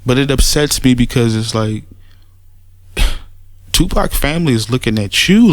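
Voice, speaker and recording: A man's voice: mid-range voice, animated, dry recording. A man ranting casually in a response video, blunt and profane, stumbling over restarts when heated. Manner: halting restarts, repeats words when agitated. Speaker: commentator making a response video. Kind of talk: casual spoken rant.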